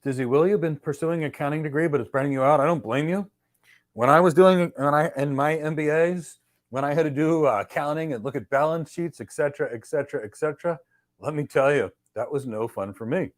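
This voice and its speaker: A man's voice: on the high side, fairly quick. A man hosting a live career Q&A session and explaining things animatedly through role-play examples. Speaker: career coach host.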